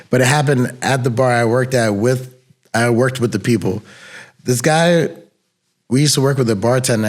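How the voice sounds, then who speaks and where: A young man co-hosting a podcast, telling laid-back, slangy stories from his security work. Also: medium pitch. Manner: laid-back, slangy storytelling with bursts of laughter. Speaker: podcast co-host, former bouncer. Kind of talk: casual storytelling chat.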